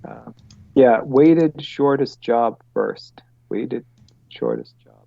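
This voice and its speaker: A man with a gravelly edge walks his team through planning on a video call. He talks bluntly and swears freely, often rambling off on a rant. The sound is dull, lo-fi call audio with a dry, close feel. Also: medium pitch, huge pitch swings, slow pace, mellow, no echo. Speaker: product owner leading a team meeting. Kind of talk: casual meeting explanation. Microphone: computer mic on a video call.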